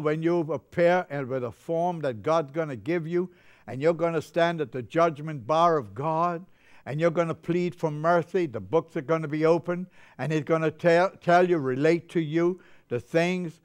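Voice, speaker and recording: A man's voice: fairly high pitch, moderate pace, smooth. An older man preaching a sermon in a chapel, fervent and getting carried away with joy.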